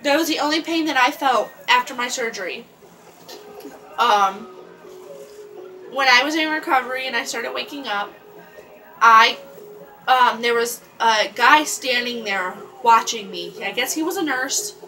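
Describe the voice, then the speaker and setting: A woman telling a personal story in a casual vlog, halting often and restarting her sentences with lots of fillers. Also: fairly high pitch, bright, forceful tone, soft background music, low-quality recording. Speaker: vlogger.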